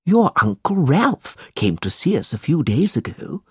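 A gentle, generous old benefactor, as a man voices him in a storybook reading. His lines rise and fall broadly, slightly husky, heard close and dry in the recording. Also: fairly high pitch, very animated, a little slow, no echo, voice pushed up, exaggerated voice. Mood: earnest.

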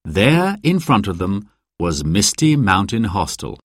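A man narrating a children's storybook slowly and clearly. His lowish voice moves expressively, and the recording is close and dry with no room sound. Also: no room sound. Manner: slow, clear, expressive reading. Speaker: audiobook narrator.

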